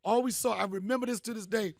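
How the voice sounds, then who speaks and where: Speaking fast in a steady, high-pitched tone with some vocal fry, a middle-aged man emcees a live event as a comedian host. He entertains the crowd with loose, slangy, joking stories, and the studio-quality audio has no echo.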